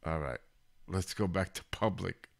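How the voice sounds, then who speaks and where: A man's voice: sits low, moderate pace, gravelly. A man hosting his own live stream, chatting casually and rambling as he talks straight to viewers in chat.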